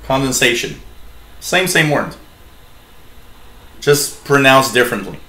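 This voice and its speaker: A man with as his hosts a live hobby radio stream, talking slowly and loosely, full of ums and restarts. His voice sits at a middle pitch and rings in a roomy, echoey space. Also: animated, bright, forceful tone. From Canada. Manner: rambling, many fillers and restarts. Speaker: shortwave radio show host. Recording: echoey room.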